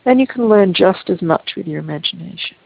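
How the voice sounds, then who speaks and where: A woman leads a Feldenkrais lesson over a video call, giving slow, gentle instructions in a calm voice. Her voice has a gravelly texture. The audio is tinny and phone-like, with no room sound. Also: fairly low pitch, no room sound. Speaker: Feldenkrais teacher.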